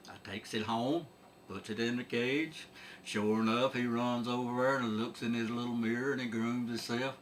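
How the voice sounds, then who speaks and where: A man's voice: mid-range voice, steady tone, normal speed, a little hiss or hum. A middle-aged man telling a comic folksy story, drawling and chuckling along. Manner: drawling, laughs at his own tale.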